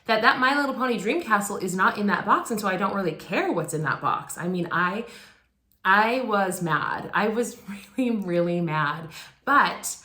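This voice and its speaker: A woman's voice: mid-range voice, animated, moderate pace, pushed and bright. A woman in her forties telling a personal story in a sermon, casual and conversational, with many fillers and restarts. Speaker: guest speaker. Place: church. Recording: echoey church hall.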